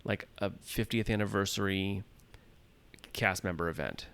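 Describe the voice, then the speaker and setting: A man's voice: deep voice, normal speed, gravelly, smooth. A man in his thirties casually telling a long story on a podcast, acting out his own fearful lines as he goes. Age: 30s. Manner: animated storyteller, acts out his own fear in quotes. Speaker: podcast co-host.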